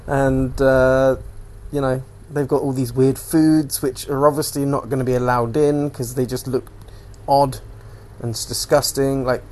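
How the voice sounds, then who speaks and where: A man's voice: medium pitch, little pitch movement, a little slow, hardly any pauses, a little mellow. A young man hosting a casual solo podcast, rambling loosely between topics and swearing freely. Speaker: podcast host.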